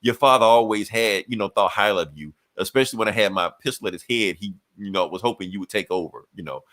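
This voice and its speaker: A man co-hosting a podcast, retelling a comic book story and jumping into quick voices for each character. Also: fairly low pitch, a bit bright. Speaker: podcast co-host. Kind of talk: animated comic book recap.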